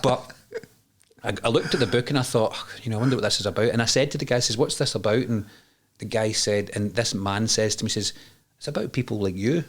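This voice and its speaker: A lowish voice belongs to this Scottish podcast guest in his forties, who tells his own story candidly. He's animated, quick to laugh, full of restarts, and drops the occasional swear word.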